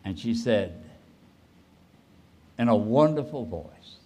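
A man in his eighties, a pastor telling a personal story in a sermon, rising suddenly and trailing off softly. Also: on the low side, animated. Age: 80s. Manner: slow, with sudden rises and soft trailing endings.

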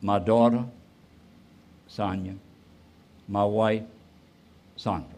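A man in his eighties, a pastor telling a personal story in a sermon, rising suddenly and trailing off softly. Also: on the low side, fairly even intonation. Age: 80s. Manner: slow, with sudden rises and soft trailing endings.

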